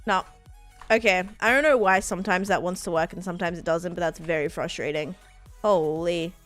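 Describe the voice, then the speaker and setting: A woman live streaming a game, excitedly thanking viewers and rambling through stories with lots of fillers. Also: on the low side, brisk, no echo, soft background music. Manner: rambling storytelling with many fillers. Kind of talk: casual live-stream chat while gaming.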